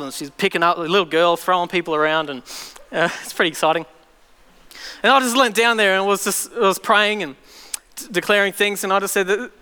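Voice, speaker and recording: A man preaches to a congregation, his voice high and bright with a smooth, clear ring. He tells stories with lively energy and slips into acted voices. The sound carries a long hall reverb with faint music behind. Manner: animated storytelling, acting out voices. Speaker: pastor. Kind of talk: sermon.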